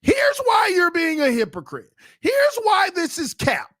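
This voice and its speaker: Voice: very high voice, huge pitch swings, unhurried, fairly bright tone, no room sound, studio quality. Heated, argumentative sports show host. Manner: repeats points for emphasis. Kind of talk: livestream rant to the chat.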